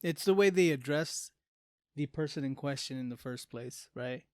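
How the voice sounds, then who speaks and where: An easygoing man co-hosting a relaxed podcast chat, often turning things into questions for the others. His voice sits at a middle pitch and sounds dry and close to the mic. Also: normal speed, dry recording. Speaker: podcast co-host. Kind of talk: casual chat.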